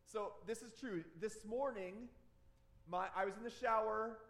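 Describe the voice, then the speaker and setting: Male pastor, 30s, high-pitched, conversational and lively sermon delivery. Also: unhurried. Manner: conversational, animated, repeats words for emphasis.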